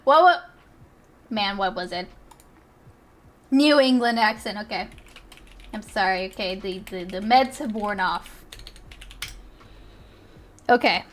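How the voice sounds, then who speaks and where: A woman's voice: mid-range voice, takes it slowly, long pauses. A woman streaming, reacting to clips in casual, rambling commentary, giggling and swearing freely.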